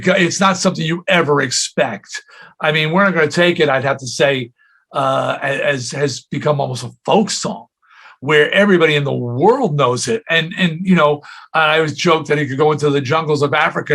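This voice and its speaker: A man in his sixties, a rock singer telling stories in a casual interview, slipping into quoted voices as he goes. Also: fairly high pitch. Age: 60s. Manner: animated storyteller, jumps into quoted voices.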